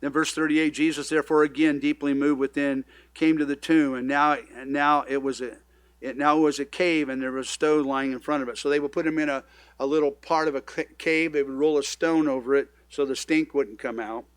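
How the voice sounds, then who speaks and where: A middle-aged man who pastors a church, preaching in a loose, conversational way, now loud and now hushed. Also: a little high, brisk, clean tone, no room sound. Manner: conversational, animated preaching with sudden swings in loudness. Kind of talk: sermon.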